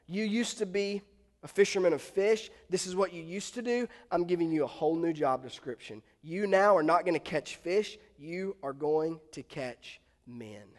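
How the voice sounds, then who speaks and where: A soft-spoken, gentle Jesus figure, as a preacher puts him on, voiced low and unhurried. He sounds quiet and reassuring. A long reverb trails each word, as in a large church. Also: close to an everyday voice. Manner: hushed, low and slow. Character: Jesus, calm gentle male teacher.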